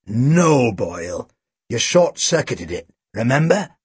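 A man voicing a gruff, heavyset middle-aged police chief who mutters and rasps with weary sternness. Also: mid-range voice, sing-song, slow, a little mellow, no room sound, exaggerated voice. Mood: exasperated. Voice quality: rasping, muttering. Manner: tired, stern, exasperated.

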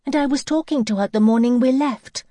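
A woman's voice: sits high, a little fast, warm tone, dry recording, pitched above the performer's own voice. A woman reading an audiobook and voicing an anxious, upset young girl who pleads in distress.

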